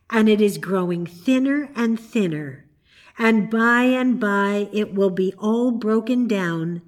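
A woman reading the part of a gentle grown woman who guides lost children, speaking earnestly and sincerely in a storybook. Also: fairly high pitch. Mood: happy.

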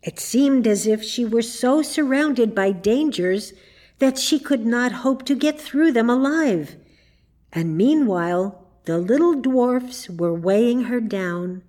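A woman reading a children's storybook aloud, slow and expressive. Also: medium pitch. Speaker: narrator.

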